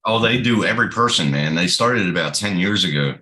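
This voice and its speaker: A man's voice: sits low, lively intonation, fairly quick, sharp tone. A man with a Southern American accent, telling blunt, profane stories in casual chat. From Southern United States.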